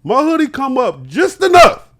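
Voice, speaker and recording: Young man, podcast guest, lively high-pitched storyteller who acts out every voice. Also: moderate pace, slight background noise. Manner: acts out both sides of an argument, laughing as he tells it. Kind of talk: animated storytelling.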